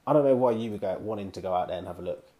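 A man hosting a casual chat, talking in a relaxed, reflective way and asking questions. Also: deep voice, very fast, lo-fi sound, crowd noise.

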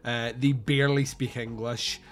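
A man's voice: medium pitch, flat delivery, a little slow. A Scottish man from Scotland chatting casually about films, rambling through anecdotes and swearing freely.

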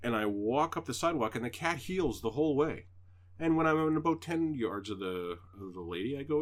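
A man speaking at a medium pitch and a slightly fast clip co-hosts a podcast. Chatting casually, he relates a long story with lots of animation, free swearing, and acted-out quotes.

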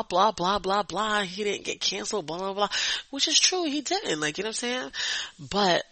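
A young woman ranting in a loose, profane monologue on her own podcast. Her voice is bright and bouncy, with pitch that rises and dips a lot, and it is recorded close and dry with no room sound. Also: no room sound. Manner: profane, blunt and rambling with frequent laughs. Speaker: podcast host.

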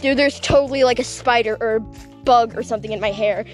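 Giggly high-voiced young woman rambling. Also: fast, soft background music. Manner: giggly, rambling, self-mocking. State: voice cracking, dehydrated. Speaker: podcast host. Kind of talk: casual rambling chat.

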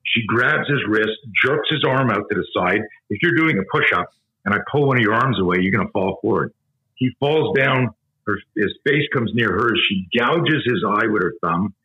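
A man with a very low voice tells a harrowing story as a podcast guest, swearing freely and leaning hard on key words. The sound is dull and lo-fi. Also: lively intonation, normal speed. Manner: emphatic, profane, vivid storyteller. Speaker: guest, self-defense instructor. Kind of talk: intense storytelling in a podcast interview.

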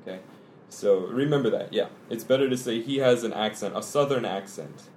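A man hosting a casual podcast, explaining English expressions and switching into quick Korean. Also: medium pitch, a little mellow, slight background noise. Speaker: podcast host and English teacher. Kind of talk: casual bilingual language lesson.

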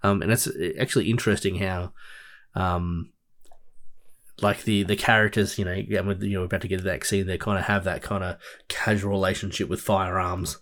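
A man's voice: low-pitched, flat delivery, brisk, a bit bright. Rambling man recapping a film. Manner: rambling, many fillers and restarts. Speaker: podcast co-host. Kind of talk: casual film recap chat.

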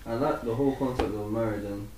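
A man, co-hosting a podcast in casual chat, relaxed and hesitant, often restarting his sentences. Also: mid-range voice, fast. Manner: laid-back, hesitant restarts. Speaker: podcast co-host. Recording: roomy distant mic, faint noise.

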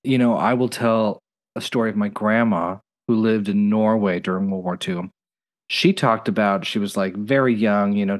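A man co-hosting a casual podcast, telling stories animatedly and slipping into playful voices. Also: lowish voice. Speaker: podcast co-host. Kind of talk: casual TV recap chat.

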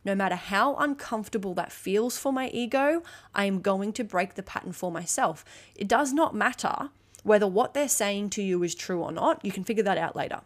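Woman, young adult, podcast host, solo motivational talk, blunt, emphatic, swears freely, middle pitch. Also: expressive, normal speed.

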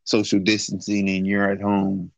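Deep-voiced, hesitant man on dull audio. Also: completely flat delivery, vocal fry, no room sound. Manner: halting, hesitant, many fillers. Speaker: podcast co-host. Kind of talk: casual chat.

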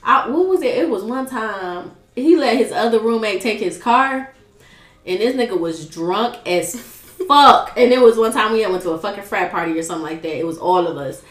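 A woman's voice: medium pitch, expressive, normal speed. A young adult woman hosting a casual podcast chat, swearing freely and laughing as she tells stories. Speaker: podcast host. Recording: echoey room with faint noise.

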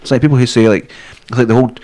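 Fast-talking Scottish man, foul-mouthed. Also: medium pitch, steady tone, background noise. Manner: swears constantly, rambling, jokey. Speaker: podcast co-host. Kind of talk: crude casual chat.

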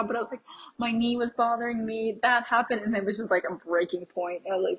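A woman's voice: a little high, steady tone, fast, poor audio. Chatty young American woman. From USA. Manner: chatty and rambling, laughing at herself. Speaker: travel podcast host. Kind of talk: casual travel recap.

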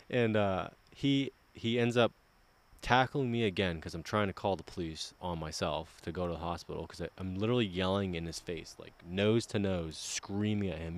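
Man, low voice, casual podcast chat, swearing a lot, rambling storyteller. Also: normal speed.

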